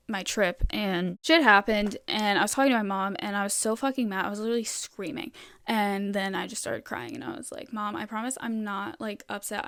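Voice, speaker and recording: Young woman, podcast host, rambling casual rant, lots of filler and cursing, medium pitch, dry close recording. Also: no echo. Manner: rambling, frequent "like", heavy swearing.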